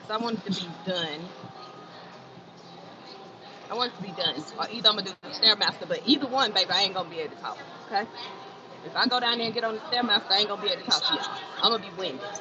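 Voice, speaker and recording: She's a fast-talking fitness livestreamer with a medium-pitched voice, chatting casually to viewers and repeating phrases for emphasis. The setting is an indoor gym, so the recording is muffled and full of gym ambience.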